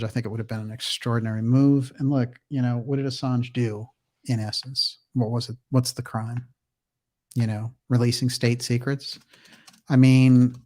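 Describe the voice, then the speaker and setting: A man's voice: medium pitch, darkish tone. A man hosting a livestream, upbeat as he reads out viewer names and comments and answers questions in casual chat. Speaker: livestream host.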